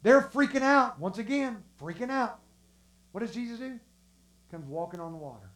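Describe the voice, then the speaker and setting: A preacher delivering an animated sermon, acting out the stories with sudden shouts and hushed passages. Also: mid-range voice, moderate pace. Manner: animated, acts out the stories with shouts and drops to a hush. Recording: roomy echo.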